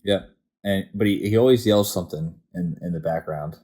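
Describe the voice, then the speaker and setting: Brief: low-voiced young male co-host, dark mellow tone, laid-back and profane. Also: brisk. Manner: laid-back, short agreeing replies, profane asides. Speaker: podcast co-host. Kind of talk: casual TV episode discussion.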